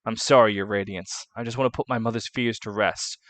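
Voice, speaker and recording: Man reads a loyal young servant; quiet, sincere. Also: on the low side, fairly even intonation, a little fast, no room sound, close to an everyday voice. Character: devoted young male servant, earnest.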